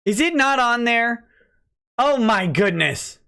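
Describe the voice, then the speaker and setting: A man's voice: very high-pitched, expressive, takes it slowly, vocal fry, pushed and bright, clean tone. Joking man hosting a livestream. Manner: joking, rambling, reads chat aloud. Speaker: livestream host, lawyer. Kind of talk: casual livestream chat.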